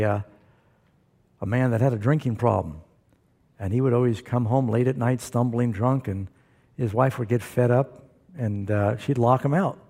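A man's voice: fairly high pitch, dark tone. A male pastor preaching a sermon, asking the congregation questions and calling for amens. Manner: asks the audience questions, calls for amens.

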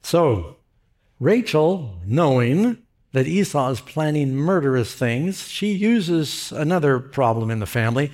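A man preaching a sermon, retelling a scripture story with lively storytelling and character voices. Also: unhurried. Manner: animated retelling, voices characters with pitch jumps.

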